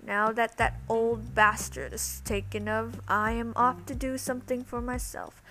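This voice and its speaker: A woman's voice: a little high, level tone, unhurried, pushed and bright. A woman reading a storybook, voicing a boastful, haughty evil female ghost witch. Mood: gloating. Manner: gloating, haughty.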